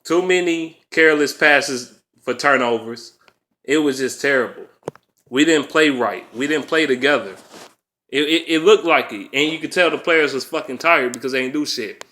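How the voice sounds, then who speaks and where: A man's voice: moderate pace, sharp tone. A man ranting about a lost basketball game, swearing often, repeating himself and laughing in disbelief. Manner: pitch jumps up sharply when worked up. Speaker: basketball fan vlogger. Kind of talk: angry game recap rant.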